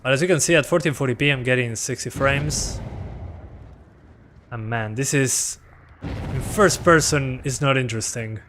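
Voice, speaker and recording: A man whose first language is Spanish, streaming a game in English, rambling in a relaxed, self-deprecating way and reading his chat aloud. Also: mid-range voice, normal speed, pauses often, slight background noise. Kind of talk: casual gameplay chat.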